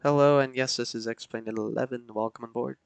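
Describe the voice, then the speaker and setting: A man's voice: mid-range voice, fairly quick, gravelly, clear, resonant tone. A man streaming a flight simulator, chatting casually with viewers and reading back radio calls. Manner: relaxed, chatty, answers chat with fillers. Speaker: flight sim streamer playing pilot.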